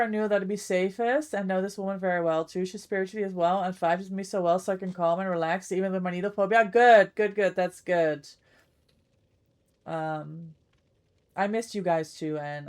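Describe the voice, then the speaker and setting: A woman's voice: mid-range voice, fairly even intonation, brisk, a little mellow, smooth. A woman livestreamer chatting casually with her viewers while she plays, thanking them by name as she goes.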